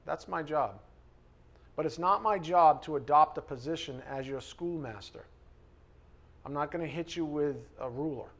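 A man's voice: fairly high pitch, moderate pace. Man preaching with emphatic swings. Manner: conversational, emphatic preaching, swings between loud stresses and soft asides. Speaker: pastor. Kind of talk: sermon.

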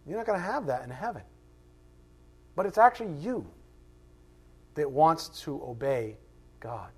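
A man's voice: on the high side, animated, measured pace, husky. A man teaching a Bible class in a conversational way, asking rhetorical questions and acting out quoted voices. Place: classroom with a board.

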